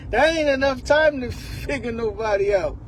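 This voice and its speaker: A man's voice: extremely high pitch, a bit bright, a little hiss or hum. A man giving a rambling comedic monologue, laughing often.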